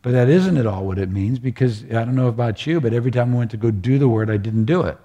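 A man's voice: mid-range voice, fast talker, dark tone. A man preaching a sermon in a conversational, earnest way, often checking that his listeners follow him.

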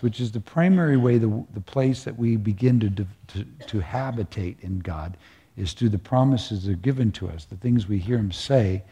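A man's voice: mid-range voice, mellow, husky. A man preaching a sermon in a conversational, earnest way, often checking that his listeners follow him.

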